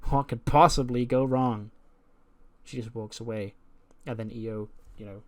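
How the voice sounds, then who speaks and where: A man's voice: medium pitch, measured pace. Chatty man recapping a wrestling game. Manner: chatty, with frequent fillers; animated play-by-play of match events. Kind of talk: casual storytelling recap.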